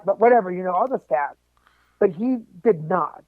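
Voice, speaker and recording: A man telling a personal story as a podcast guest, animated and joking along the way. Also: sits high, normal speed, no echo. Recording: tinny phone-like line, dry.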